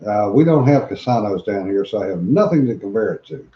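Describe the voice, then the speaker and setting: A man's voice: on the low side, lively intonation, brisk. A man co-hosting a casual chat show, reading viewer comments aloud with frequent laughs. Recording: echoey muffled room.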